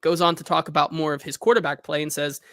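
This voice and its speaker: A man hosting a sports talk show in easy, rambling chat. His voice sits a little high and rings bright and forceful. The sound is dry and close. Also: little pitch movement, quick pace, dry recording. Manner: chatty, loose, reads news aloud. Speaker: sports podcast host. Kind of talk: casual chat.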